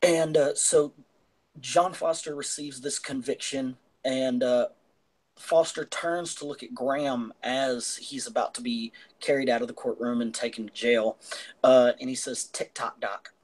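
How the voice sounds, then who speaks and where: A man's voice: medium pitch, fairly even intonation, measured pace, rough recording. A man co-hosting a casual film podcast, retelling a plot at length with many fillers and restarts. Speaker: podcast co-host.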